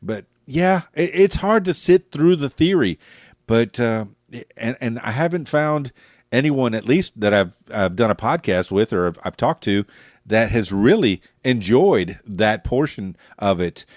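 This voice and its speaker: A man's voice: mid-range voice, animated, a little slow, darkish tone, no echo, clean studio sound. An American man hosting a podcast interview, chatting casually, joking and laughing often, with frequent repeated words. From United States. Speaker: podcast host.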